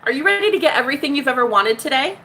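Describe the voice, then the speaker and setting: A woman hosts a loose spiritual livestream and talks straight to her chat. Her voice is bright and on the high side, and her pitch swings widely. She teases, swears casually and laughs often. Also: lively intonation, very fast, slight background noise. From United States. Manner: bubbly, swears freely, laughs often, teasing. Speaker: livestream host reading chat.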